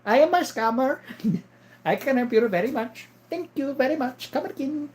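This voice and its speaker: A man's voice: very high voice, expressive, moderate pace, a little hiss or hum, pitched above the performer's own voice. A man voicing an overly polite fake tech-support scam caller in a put-on Indian English accent. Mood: overpolite. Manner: overly polite, sing-song.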